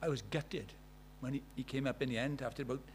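A man with a South Welsh accent preaching a sermon, earnest, moving from loud emphasis to hushed storytelling. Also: mid-range voice, fairly even intonation, fast, slight background noise. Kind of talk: sermon with personal stories.

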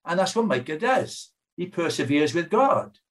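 A man's voice: on the high side, big pitch swings, moderate pace. An older British man preaching a sermon in an earnest, pleading way, asking his hearers many questions.

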